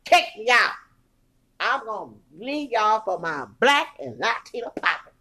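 A woman voicing a rebellious young woman who loudly defies her parents, brash and swearing. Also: on the high side, animated, a little slow, heavily acted. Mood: defiant. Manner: loud, brash and defiant, swearing.

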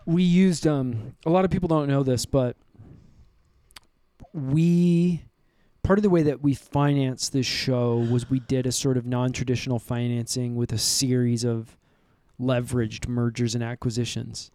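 A man co-hosting a comedy podcast, rambling through an absurd improvised recap with a deadpan delivery. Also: mid-range voice, unhurried, clear, resonant tone, dry recording, clean studio sound. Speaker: podcast co-host.

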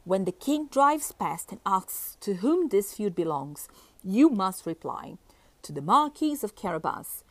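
A woman's voice: a little high, very animated, normal speed, a little mellow, no room sound. Crafty bossy cat in boots for a storybook, woman doing the voice, bouncy delivery, dry close sound. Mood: fierce. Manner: eager, commanding, fierce when threatening. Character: clever bold male cat in boots.

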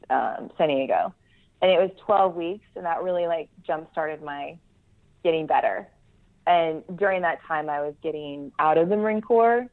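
A young woman talks candidly about her past, frank and self-deprecating, with laughs between points. Her voice sits a little low for a woman. The sound comes through a thin, tinny, phone-like line. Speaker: Marine Corps veteran guest. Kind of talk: candid interview conversation.

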